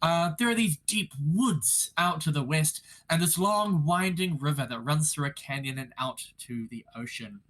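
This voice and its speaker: A man's voice: a little high, moderate pace, few pauses, a bit bright. A man narrating as game master of a tabletop game, describing the setting in a playful, theatrical way.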